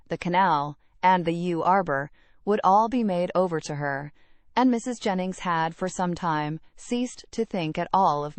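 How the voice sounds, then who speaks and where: A woman narrating a classic novel aloud in a measured, even reading. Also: fairly low pitch, no echo. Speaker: audiobook narrator. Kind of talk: scripted narration.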